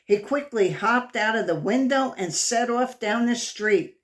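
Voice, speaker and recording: Brief: a woman reading a children's book aloud, slow and engaging, asking the kids questions. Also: a little high, animated. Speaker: storyteller.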